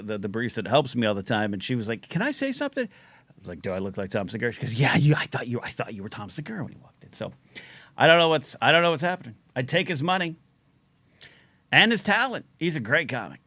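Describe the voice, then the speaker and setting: A man's voice: medium pitch, animated, pushed and bright, no room sound. Man, middle-aged, livestream host, rambling chat, scratchy throat, dry sound. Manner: chatty, quick asides, reads out chat names. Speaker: livestream call-in show host. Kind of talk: casual rambling live-stream talk.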